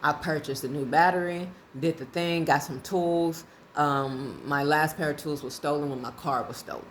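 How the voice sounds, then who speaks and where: A woman vlogger telling a casual story in a lively, colloquial way, often breaking into laughter. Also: low voice, moderate pace, a little hiss or hum. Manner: animated, laughing, colloquial and conversational.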